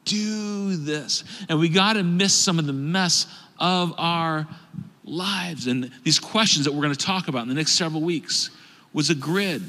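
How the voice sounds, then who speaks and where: A middle-aged male pastor delivers a sermon, shifting into playful acted quotes as he tells stories. His voice is bright and a little high. It rings with the long reverb of a large church hall. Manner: animated storytelling with acted quotes. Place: church auditorium stage.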